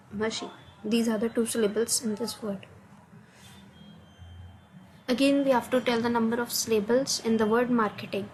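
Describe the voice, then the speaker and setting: A woman with an Indian English accent walks through assignment answers, hesitant and filling pauses with "uh". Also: fairly high pitch, fairly even intonation, a little mellow, a little hiss or hum, rough recording. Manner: hesitant, many uh fillers, non-native grammar. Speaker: student explaining assignment answers. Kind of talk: screen-recorded answer walkthrough.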